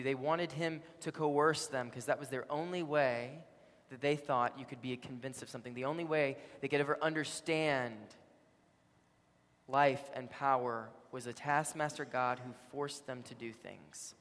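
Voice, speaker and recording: A man preaching a sermon, telling a story with dramatic swings between loud and hushed. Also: mid-range voice. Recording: long hall reverb.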